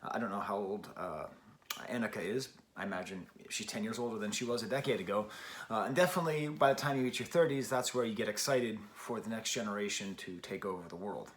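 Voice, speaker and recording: A man's voice: lowish voice, fast talker, a little hiss or hum. A man in his forties giving a casual, rambling album review, often restarting his sentences and poking fun at himself. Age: 40s. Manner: rambling, self-deprecating, frequent restarts.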